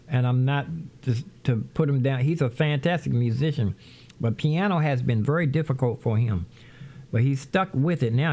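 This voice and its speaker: A middle-aged man chats his way through a livestream from a home studio, rambling and casual, calling out to viewers as he works. His voice is mellow and relaxed, without much edge. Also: mid-range voice. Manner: rambling, talks to viewers as "y'all". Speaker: livestream host, musician. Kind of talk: casual livestream chat while setting up music software.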